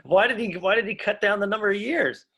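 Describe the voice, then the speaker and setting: A man's voice: high-pitched, fast, sharp tone, husky. A man interviewing a guest, mostly reacting with short remarks. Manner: brief reactions and laughs. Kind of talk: casual conversation.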